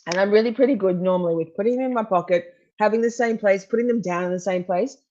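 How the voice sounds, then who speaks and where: Woman, casual live-stream chat, rambling and laughing, swears freely, medium pitch, slightly dull sound. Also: fast, dark tone, slight background noise. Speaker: true crime streamer.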